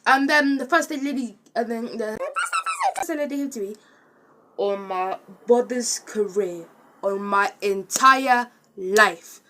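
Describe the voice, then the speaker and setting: A young woman tells a story in a loose, chatty way, full of filler words and asides. Her voice sits a little on the high side. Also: measured pace, background noise. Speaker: vlogger. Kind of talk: casual storytime.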